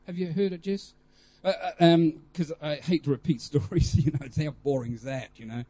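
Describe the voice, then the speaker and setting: Man, high voice, preacher, testimony story, animated, bursts of loud exclamation. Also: brisk, slightly rough. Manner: animated, rising to loud exclamations, many fillers.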